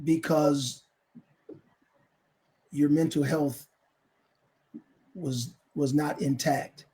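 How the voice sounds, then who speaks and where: A man hosting a casual podcast interview, asking halting questions with a joking edge. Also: fairly high pitch, fairly even intonation, dark tone. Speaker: podcast host.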